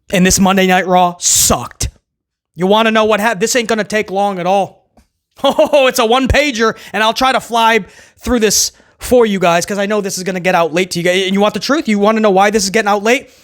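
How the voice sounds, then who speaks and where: Guy with a high voice ranting about a show, sarcastic, rambly, trips over his words. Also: fairly bright tone. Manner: sarcastic, rambling, quick bursts with stammered restarts. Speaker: wrestling review host. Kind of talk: casual video review rant.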